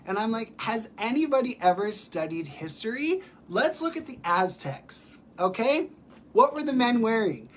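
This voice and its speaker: A man who performs in drag, chatting casually on a live stream while sick, with a raspy voice and many fillers. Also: very high voice, sing-song, normal speed. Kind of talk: casual livestream chat. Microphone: phone or webcam for a live stream.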